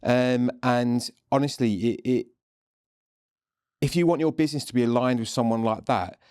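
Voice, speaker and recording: Guest, man, mid-pitched voice, rambling anecdotes, dry close mic. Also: steady tone, moderate pace, darkish tone, clear, resonant tone, dry recording. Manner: chatty, rambling storyteller with many restarts. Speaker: podcast guest. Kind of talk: casual chat.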